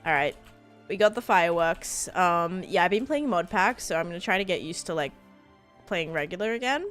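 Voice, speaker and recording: A woman live streaming a game, excitedly thanking viewers and rambling through stories with lots of fillers. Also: fairly low pitch, normal speed, soft background music. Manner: rambling storytelling with many fillers. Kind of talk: casual live-stream chat while gaming.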